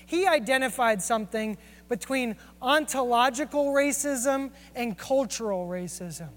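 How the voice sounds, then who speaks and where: Earnest preacher in a reverberant hall. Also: male voice, extremely high pitch, a little slow. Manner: earnest, confessional, storytelling. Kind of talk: sermon.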